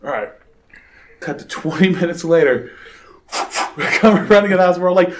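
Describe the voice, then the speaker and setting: Man telling a story with big quoted shouts. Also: high voice, brisk, pauses often, a crowd in the background. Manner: lively storytelling with loud acted-out quotes. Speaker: podcast co-host. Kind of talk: casual banter.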